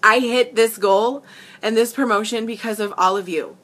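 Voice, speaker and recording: A woman hosting a casual makeup livestream, gushing with excitement and tearful gratitude as she greets her viewers. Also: a little high, moderate pace.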